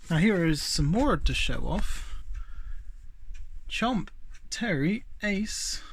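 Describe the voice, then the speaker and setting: A man's voice: fairly high pitch, breathy edge. A man talking casually while showing off his collectible collection, rambling with asides, filming on a handheld phone indoors at home. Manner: chatty and rambling, many fillers and asides. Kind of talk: casual show-and-tell vlog.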